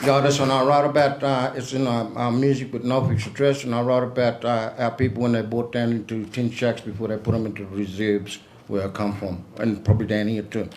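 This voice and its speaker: A man's voice: mid-range voice, little pitch movement, brisk, few pauses, a little mellow, a little hiss or hum. A man with an Australian accent, from southeast Queensland, reading his own poems aloud in a rhythmic, repetitive recitation. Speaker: poet. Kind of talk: poetry reading. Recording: roomy echo.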